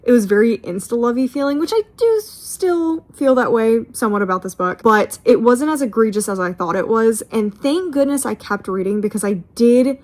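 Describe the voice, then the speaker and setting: A woman's voice: fairly high pitch, animated, normal speed, hardly any pauses, darkish tone. A woman in her thirties chatting casually in a vlog about books she has read, rambling and often restarting her sentences while fighting off hiccups. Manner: rambling, self-interrupting, with frequent restarts. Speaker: book vlogger.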